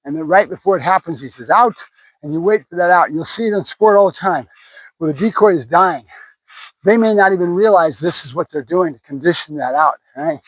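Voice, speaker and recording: A man's voice: a little high, a little fast, a bit bright, no room sound, poor audio. A man who trains dogs, talking casually to the camera outdoors between words of praise to a puppy. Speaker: dog trainer.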